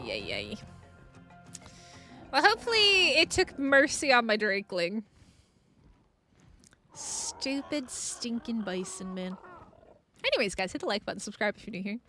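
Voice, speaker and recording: A woman livestreams a video game, reacting as she plays in a high voice, excitable and quick to exclaim and laugh.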